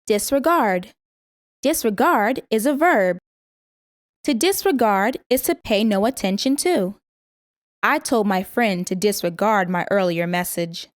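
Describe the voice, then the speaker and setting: Woman, mid pitch, lesson narrator with careful pronunciation, dry studio sound. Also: no echo. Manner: slow, careful word-by-word pronunciation. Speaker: vocabulary teacher. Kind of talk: scripted vocabulary lesson reading.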